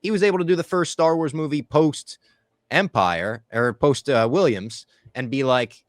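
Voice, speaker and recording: A man's voice: a little high, animated, normal speed, no echo, studio quality. A man co-hosting a podcast, talking animatedly through a casual movie review and swearing freely. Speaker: podcast co-host.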